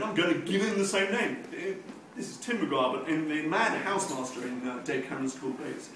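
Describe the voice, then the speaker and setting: A man speaking at a live book launch, joking and self-mocking, laughing often between remarks. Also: a little high. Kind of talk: casual live speech with jokes. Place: live reading event with audience. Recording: echoey room, distant mic, background noise.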